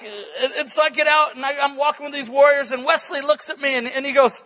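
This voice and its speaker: High, bright-voiced animated preacher man. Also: fast talker, few pauses. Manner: animated storytelling, acts out quotes, laughs often. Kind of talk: energetic conference sermon with stories. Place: church conference hall.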